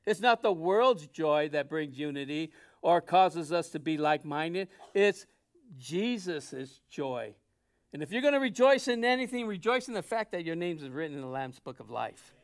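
A man preaching a sermon to his congregation in a conversational way, dropping to soft asides and rising to loud emphasis. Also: fairly high pitch, lively intonation, normal speed, hardly any pauses, clear, resonant tone. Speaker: pastor.

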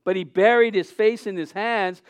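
A middle-aged man preaching a sermon as pastor, earnest with halting restarts, rising to loud cries. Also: high voice, fairly even intonation, clean tone, no room sound.

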